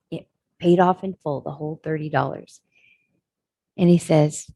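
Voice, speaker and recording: A woman's voice: lowish voice, fairly even intonation, moderate pace, warm tone, slightly rough, no room sound. A woman telling a parable in a sermon, speaking earnestly and reflectively. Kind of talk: sermon storytelling.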